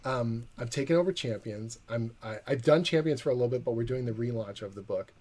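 Male comic writer, husky voice, animated interview storyteller. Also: mid-range voice, brisk. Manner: lively storyteller acting out quoted dialogue. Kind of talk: animated anecdote in a podcast interview.

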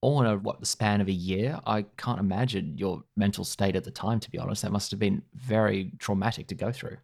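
A man hosting an interview, calmly recapping the guest's story and prompting him for more. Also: lowish voice, brisk, creaky. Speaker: podcast host.

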